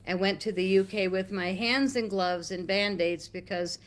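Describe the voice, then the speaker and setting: A middle-aged American woman telling a long story in an interview, animated and acting out quotes with big jumps in pitch. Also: moderate pace. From United States. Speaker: interview guest.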